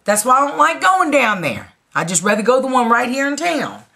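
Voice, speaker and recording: A woman's voice: high-pitched, sing-song, a little fast, pushed and bright. Chatty, blunt woman in her forties. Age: 40s. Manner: chatty, blunt, swears freely, laughs while telling. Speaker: vlogger. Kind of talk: casual storytelling to camera.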